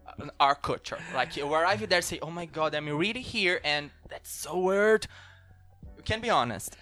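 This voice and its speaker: Bright, slightly high Brazilian man. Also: moderate pace, faint music behind. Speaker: podcast host. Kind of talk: interviewing in casual chat.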